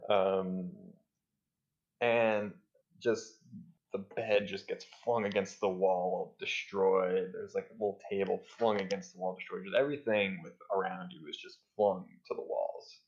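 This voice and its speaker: A man running a tabletop game as game master, narrating in a relaxed way and laughing often. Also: low-pitched, measured pace, muffled recording.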